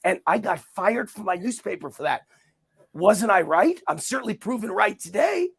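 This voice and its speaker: A man's voice: high-pitched, sing-song, moderate pace, vocal fry, husky. A middle-aged man giving heated, combative answers in an interview, hammering his points by repeating them. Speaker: interview guest, commentator. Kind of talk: heated political interview talk.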